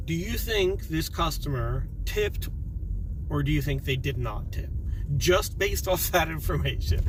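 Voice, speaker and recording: A man who drives food deliveries, telling a story in a casual vlog, animated and saying dude a lot, filmed in his car. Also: on the high side, noisy background. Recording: dry, a bit distant from the mic.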